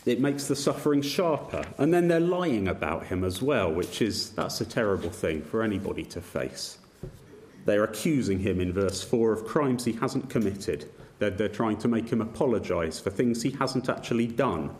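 A man's voice: on the low side, expressive, normal speed, darkish tone, slight background noise. A man preaching a sermon, earnest, with frequent restarts and repeated words. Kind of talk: sermon on a psalm.

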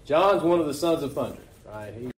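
A man's voice: on the high side, lively intonation, a little fast. A man preaching a sermon to his congregation in a casual, conversational way, often asking rhetorical questions. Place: church. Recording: echoey room.

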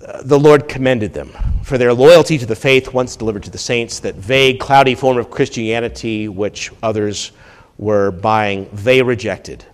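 A male pastor giving a teaching sermon, climbing much higher and louder when he reads quotations and dropping low and quiet on his asides. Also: moderate pace. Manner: teaching tone, rises sharply when quoting, drops low on asides. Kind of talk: expository sermon.

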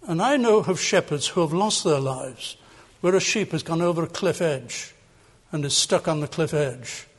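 A man's voice: a little high, expressive, normal speed, slightly rough. An older man preaching a sermon as pastor, earnest and emphatic, building on repeated phrases.

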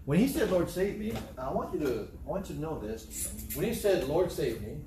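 A man preaches a sermon with a somewhat raised pitch, driving points home by repeating them and acting out the voices he quotes. His voice carries through a roomy, echoing church. A faint ambient hum sits underneath. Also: big pitch swings, moderate pace. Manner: repeats phrases for emphasis, acts out quoted voices. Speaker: pastor. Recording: echoey room, faint ambience.

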